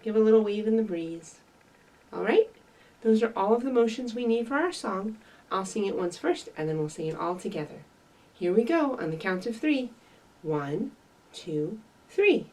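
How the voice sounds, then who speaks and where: A woman librarian leading a children's story time, reading and singing in a bright, sing-song manner. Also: mid-range voice, lively intonation, normal speed, recorded from a distance, low-quality recording.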